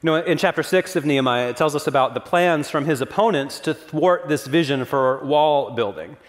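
A man's voice: fairly high pitch, normal speed. A man preaching a sermon as pastor, earnest and conversational, with casual asides to the congregation. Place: church sanctuary. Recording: long reverb of a church hall.

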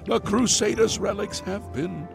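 A man's voice: sits high, measured pace, vocal fry, exaggerated voice. An actor playing a solemn male prophet in a video game, declaiming warnings of an ancient sorcerer's return, with faint music behind. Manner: grave, declaiming, prophetic, chants ancient words. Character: grim old male prophet of doom, solemn.

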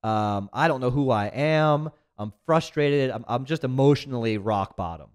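A man's voice: mid-range voice, lively intonation, normal speed, darkish tone, smooth. A man speaking as a guest in a casual interview, talking earnestly and reflectively about his own life. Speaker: podcast guest, business owner.

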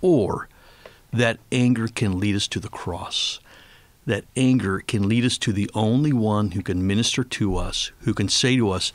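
Earnest low-voiced middle-aged man. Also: no room sound. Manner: earnest, slow and tender when praying aloud. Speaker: ministry leader and guest. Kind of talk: faith radio interview.

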